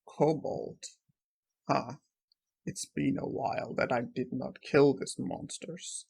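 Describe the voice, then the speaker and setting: Cold vengeful necromancer, young male, read by a man in a husky voice, curt and dismissive, comic-recap storytelling. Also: mid-range voice, expressive, takes it slowly, darkish tone, heavily acted.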